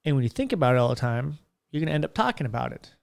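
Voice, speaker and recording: A man's voice: medium pitch, very animated, very fast, creaky. A young man hosting a casual solo podcast from a small curtained room, telling stories in a rambling way with frequent restarts. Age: young adult. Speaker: podcast host.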